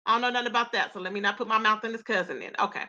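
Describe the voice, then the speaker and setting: Lady spilling tea live, super bright sharp voice, keeps going "how? how?" all amazed. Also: fairly high pitch, racing, highs cut off. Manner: incredulous, animated, rhetorical questions. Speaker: commentary channel host. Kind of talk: live gossip commentary, reading chat.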